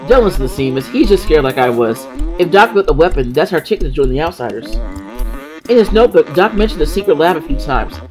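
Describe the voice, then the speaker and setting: An earnest, hopeful male robot companion from a video game, as a man puts him on. He talks with eager excitement and lifts the voice high above a plain speaking tone. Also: quick pace, over music.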